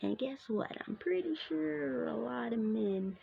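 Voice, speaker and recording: A woman's voice: on the high side, animated, measured pace, vocal fry, breathy edge, narrow, tinny audio. A woman hosting her own basketball show, chatting casually through a sports recap with lots of fillers and asides.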